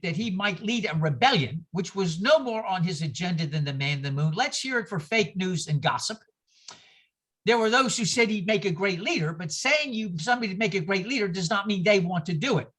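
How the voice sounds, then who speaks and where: Animated older man teaching on a video call. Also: high-pitched, husky. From New York. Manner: animated, digressive, tells anecdotes with asides. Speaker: minister teaching a class.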